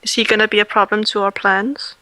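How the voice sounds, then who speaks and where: A woman asking questions as a player in a tabletop game, pausing often and searching for words. Her voice is bright and sits close to the mic in a dry sound. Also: mid-range voice, little pitch movement, dry recording, poor audio. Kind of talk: casual tabletop play.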